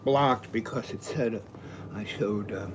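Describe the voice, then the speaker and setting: Older man, rambling stories, live stream host, lowish voice, keeps clearing his throat. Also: a little slow, slight background noise. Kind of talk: rambling storytelling.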